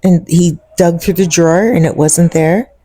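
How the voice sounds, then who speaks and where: A woman's voice: fairly low pitch, fairly even intonation, moderate pace, warm tone, husky, dry recording. Lady telling a storytime vlog, chatty, dead dry close sound. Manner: chatty, addresses listeners directly.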